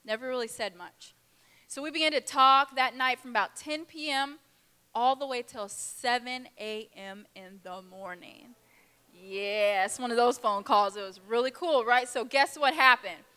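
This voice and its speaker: A young woman speaking at a girls' conference, telling a lively personal story and acting out the people in it. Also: on the high side, measured pace, smooth. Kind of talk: testimony talk to a youth audience. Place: large conference hall. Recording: reverberant hall.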